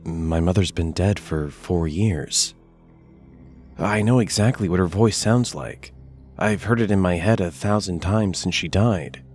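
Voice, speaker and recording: A man narrating a first-person scary story in a measured, hushed delivery with deliberate pauses. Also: low voice, soft background music.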